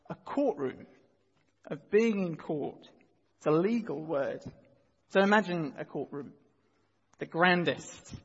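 A man's voice: fairly high pitch, husky, big-room sound, muffled recording. A male pastor preaching a sermon to his church, painting vivid scenes and guiding the congregation through the reading. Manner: earnest, vivid storytelling, leads the congregation in reading.

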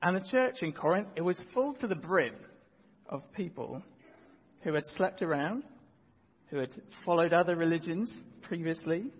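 Slightly rough and high-pitched, this man's voice carries an earnest sermon full of vivid scenes as he guides his congregation in the reading. The audio is dull and has a big-room sound.

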